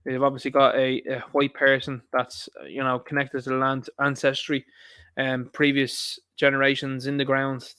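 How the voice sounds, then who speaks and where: A man's voice: mid-range voice, completely flat delivery, normal speed, bright, forceful tone, clear, resonant tone, dry recording. An Irish man hosting an online commentary show, rambling and opinionated as he reacts to posts and talks straight to his viewers.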